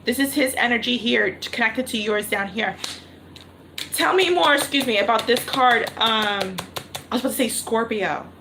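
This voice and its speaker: High-voiced woman doing a tarot livestream. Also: moderate pace, bright, forceful tone, slight background noise, rough recording. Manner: thinks aloud, repeats phrases, asks spirit questions. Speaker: tarot reader. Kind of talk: live-streamed tarot reading.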